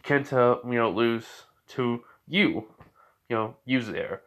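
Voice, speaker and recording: A man's voice: medium pitch, takes it slowly, a bit bright. Male narrator, casual fan-story recap, rambling with fillers and self-corrections.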